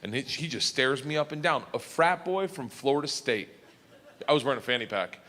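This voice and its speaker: A man's voice: mid-range voice, animated, brisk, sharp tone. A middle-aged man telling a rowdy, profane stand-up story, often laughing through his lines. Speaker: stand-up comedian.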